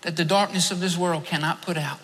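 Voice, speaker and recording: A man's voice: a little high, fairly even intonation, a little fast, fairly bright tone. A male preacher delivering a fervent sermon, repeating phrases for emphasis and telling a story from a dream. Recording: long hall reverb.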